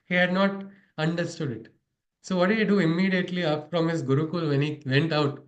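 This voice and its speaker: A man's voice: on the high side, fairly even intonation, brisk. A man giving a spiritual lesson, telling stories, often chuckling and asking his audience questions. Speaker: spiritual teacher. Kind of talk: storytelling spiritual lecture. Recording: echoey room.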